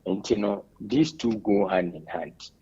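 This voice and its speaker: A man with a Ghanaian accent, a radio interview guest giving measured, explanatory answers. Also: fairly low pitch, dark tone, husky, highs cut off.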